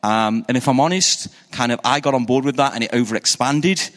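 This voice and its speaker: A man's voice: mid-range voice, brisk, fairly bright tone, big-room sound. A middle-aged man from England with a Stoke-on-Trent accent, a pastor giving a chatty, self-deprecating conference talk full of "um"s and restarts. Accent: Stoke-on-Trent English. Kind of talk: conference talk to a live audience.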